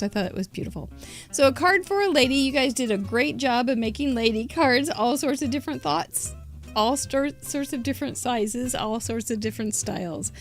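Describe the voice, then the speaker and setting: A chatty, giggly older woman hosts a live crafting show, thinking aloud as she goes. Her voice sits a little high. Soft music plays faintly underneath. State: out of breath.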